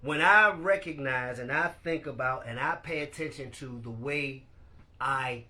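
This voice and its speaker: A man hosting a casual live-stream podcast, animated and laughing as he talks to his viewers. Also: medium pitch, a little slow. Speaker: podcast host.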